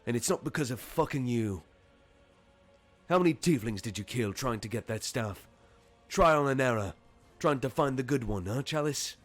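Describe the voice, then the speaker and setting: A man voicing a grim, vengeful elven wizard who speaks in a harsh, forceful, low voice, over faint music. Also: animated, normal speed, close to an everyday voice. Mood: furious.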